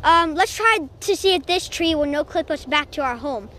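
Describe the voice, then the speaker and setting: Very high, excitable young-sounding woman. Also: normal speed. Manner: excited, rambling, with filler sounds. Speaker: narrator voicing the hero. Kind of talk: homemade adventure play-acting.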